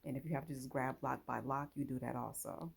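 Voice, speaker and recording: A woman's voice: a bass voice, fairly even intonation, a little fast, gravelly, slightly rough. A woman hosting a casual how-to vlog, chatting straight to her viewers while she works with her hands. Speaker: hair vlogger.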